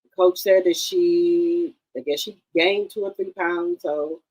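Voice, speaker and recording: A woman hosting a casual gossip commentary channel, animated and opinionated, often exclaiming as she reacts. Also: fairly low pitch, measured pace, breathy edge, low-quality recording.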